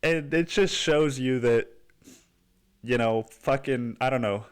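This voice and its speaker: A young man with the sniffles talks slowly through a rambling podcast monologue. He swears freely and drops slang constantly. His pitch sits in the middle of the range. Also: clear, resonant tone. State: sniffly with a cold. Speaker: podcast host.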